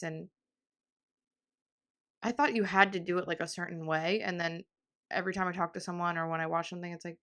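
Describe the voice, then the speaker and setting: This young woman, in her twenties, hosts a casual solo podcast where she rambles, laughs and fills gaps with fillers until she gets emotional and verges on tears. Her voice is lowish and fairly bright, with vocal fry.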